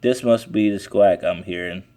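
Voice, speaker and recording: A man's voice: on the low side, warm tone, lightly acted. A man doing a fussy, flustered storybook rabbit. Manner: flustered and hurried.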